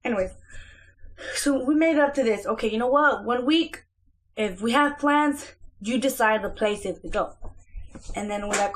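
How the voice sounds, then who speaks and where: A woman's voice: a little high, moderate pace, pauses often, noisy background. A young woman, a mother, chatting casually through a home vlog update in her kitchen, rambling with lots of fillers and restarts.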